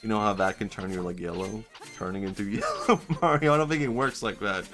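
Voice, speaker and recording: Male streamer, low register, loose joking delivery over quiet game music. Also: wildly swooping pitch, brisk. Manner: rambling, joking, often laughing. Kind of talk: casual gaming stream chat.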